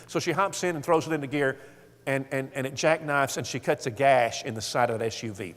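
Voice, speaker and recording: A man's voice: mid-range voice, a little fast, a bit bright, a little hiss or hum. A man leading a marriage seminar for men, telling folksy stories and acting out the voices in them. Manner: folksy storytelling, acts out quoted voices. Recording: hall reverb.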